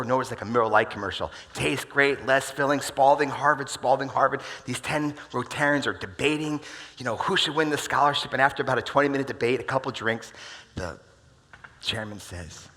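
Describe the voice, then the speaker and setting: A man in his forties giving a motivational keynote talk, telling stories dramatically and swinging from loud bursts to hushed asides. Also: medium pitch, animated, fast talker. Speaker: keynote speaker. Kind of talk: motivational stage storytelling. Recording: long hall reverb.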